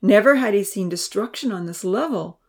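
A woman narrating a children's storybook, voicing the characters with a higher pitch and dropping to a whisper for quiet thoughts. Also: lively intonation, moderate pace. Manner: reads characters' lines with raised pitch and soft whispers.

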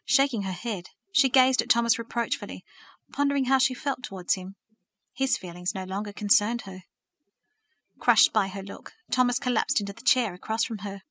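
A woman narrates a story in an earnest, steady manner. Her voice is bright, and the recording is close and dry with no room sound. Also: medium pitch, moderate pace, no echo. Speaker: audiobook narrator. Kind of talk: scripted narration.

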